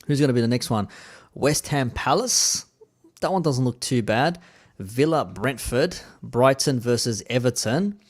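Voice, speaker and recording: A man with an Australian accent, chatting casually on a live stream in a relaxed, rambling way with plenty of fillers. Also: fairly low pitch.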